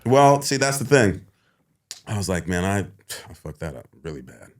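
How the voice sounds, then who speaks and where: Guy with a lowish voice telling lively showbiz stories, laughs a lot, does the other people's voices. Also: normal speed. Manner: laughs often, acts out others in high voices. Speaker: guest actor. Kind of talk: animated storytelling.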